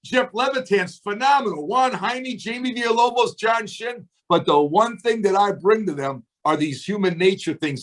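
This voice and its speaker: A man's voice: high voice, moderate pace, few pauses. A middle-aged man leading a sales team on a video call, giving an emphatic, preachy motivational talk and asking his listeners questions.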